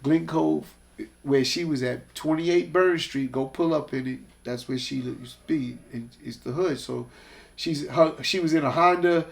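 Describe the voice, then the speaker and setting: A man's voice: a little high, measured pace, gravelly. A man, a guest telling casual, profane stories and acting out the people in them. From Hollis, Queens, New York. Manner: animated, profane, acts out voices in stories. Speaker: guest, music executive. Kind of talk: casual storytelling.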